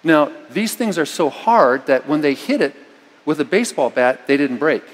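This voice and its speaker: A middle-aged male pastor delivering a storytelling sermon, his voice a touch higher than most men's. He swings from easy narration to sudden forceful bursts. The sound carries a long reverb from the church hall. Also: normal speed. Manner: storytelling, animated with sudden loud emphatic lines.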